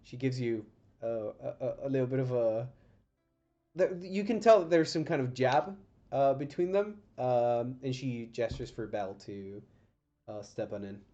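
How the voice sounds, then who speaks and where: A man narrates a tabletop game as game master, his tone dark and mellow. He stops and restarts often, filling gaps with ums. The stream audio is dull and lo-fi, with faint music underneath. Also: mid-range voice, normal speed. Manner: hesitant, many ums and restarts.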